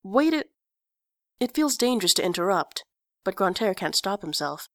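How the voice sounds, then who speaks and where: A woman narrating a story in an even, expressive audiobook reading. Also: mid-range voice, brisk, no room sound, studio quality.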